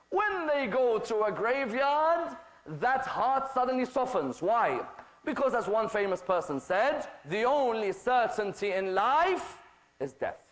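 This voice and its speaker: A man's voice: sits high, rough recording. A man with a British accent giving a religious lecture, telling stories and acting out their dialogue, often asking the audience rhetorical questions. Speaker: Islamic lecturer.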